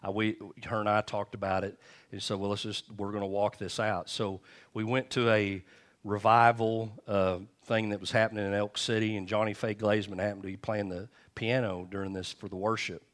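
Guy pastor giving a sermon in church, lowish voice, chatty storytelling style. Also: flat delivery, fairly quick, fairly bright tone. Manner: storytelling, conversational preaching with restarts.

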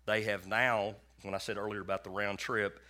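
A man's voice: on the low side, level tone, moderate pace, sharp tone. A man preaching a sermon in a church to his congregation, in a folksy, conversational way with lots of repetition. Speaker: pastor.

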